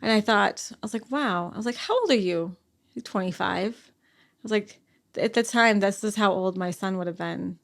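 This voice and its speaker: A middle-aged woman, a podcast guest, talking through a personal story in a halting way, full of fillers and restarts. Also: medium pitch, steady tone, vocal fry. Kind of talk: conversational interview.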